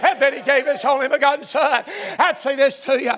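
High-pitched preacher shouting a sermon. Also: male voice, steady tone, brisk, some chatter behind. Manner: shouting, chanted preaching cadence. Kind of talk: fervent sermon. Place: church.

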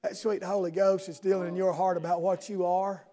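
A man preaching a sermon in a church service, swinging from loud shouting to low intimate speech and firing rhetorical questions at listeners by name. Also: flat delivery, fairly quick.

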